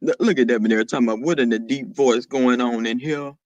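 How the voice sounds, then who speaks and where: A man putting on a gruff, deep-voiced grown man, slow and rumbling in a mock-serious way. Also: dry recording, lo-fi sound, close to an everyday voice.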